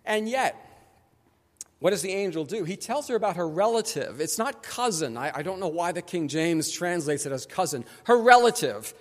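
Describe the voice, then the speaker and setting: In the sanctuary of a church, a long reverb follows a pastor as he delivers his sermon. His voice is high and animated, jumping across a wide range; he keeps it conversational and briefly impersonates the characters in his story.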